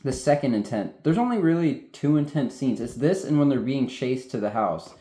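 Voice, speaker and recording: A man casually reviewing a film with a co-host, excitable and swearing a lot as he talks. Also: mid-range voice, fast, hardly any pauses. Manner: excitable, heavy swearing, animated. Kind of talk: casual spoiler review chat. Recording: roomy echo.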